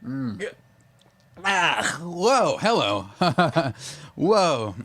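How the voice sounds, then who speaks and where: A comedian with an American accent from New York, chatting casually in a joking, laughing way while jet lagged. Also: male voice, sits high, big pitch swings, drawn-out words, gravelly, fairly bright tone, no echo. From New York City. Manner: jokey, laughing, playful. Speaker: comedian guest. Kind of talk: casual chat.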